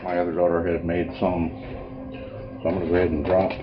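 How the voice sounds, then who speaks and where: Brief: a very low-voiced older home cook, folksy and rambling, on a dull lo-fi recording. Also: male voice, flat delivery, quick pace. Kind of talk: casual cooking vlog. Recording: dull lo-fi home video with faint music.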